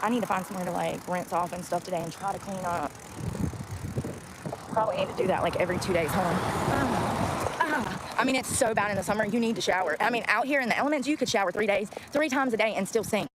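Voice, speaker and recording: She talks fast in a mid-range voice, firing off a blunt, profane vlog rant at her audience. The setting is roadside and outdoors, with traffic clearly audible.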